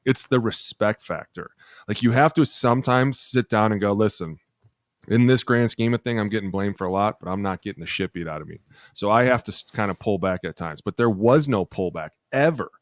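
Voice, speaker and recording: American guy on a podcast, kinda low voice, swears a lot, dry close mic. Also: fairly quick, no echo. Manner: blunt, profane, animated storytelling. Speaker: podcast co-host, former NFL offensive lineman. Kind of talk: casual chat.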